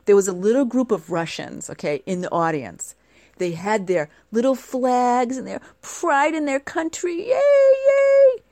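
A chatty woman in her forties from the United States talks in a loose, rambling way. She keeps turning to the listener with rhetorical questions. Her voice sits in an ordinary middle pitch and is recorded close and dry, with no room echo. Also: expressive, unhurried, a little mellow. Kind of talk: casual rambling monologue.

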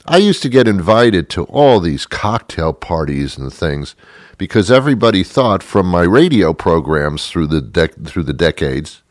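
A man's voice: deep voice, expressive, unhurried, no echo, clean studio sound. An older man hosting a radio show, rambling in a grumpy, sarcastic monologue.

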